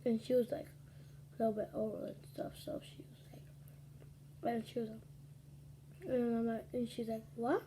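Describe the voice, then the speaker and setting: A woman's voice: on the high side, flat delivery, normal speed, long pauses, warm tone, a little hiss or hum. A woman casually telling a rambling story between bites in an eating ASMR video, dropping into whispered asides. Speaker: ASMR vlogger.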